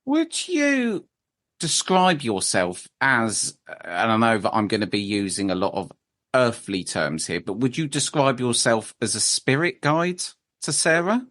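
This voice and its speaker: A man's voice: mid-range voice, big pitch swings, measured pace, a bit bright. A man hosting a podcast, asking questions in a polite, hesitant way. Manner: hesitant, polite, with fillers and restarts. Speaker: podcast host. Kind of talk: interview.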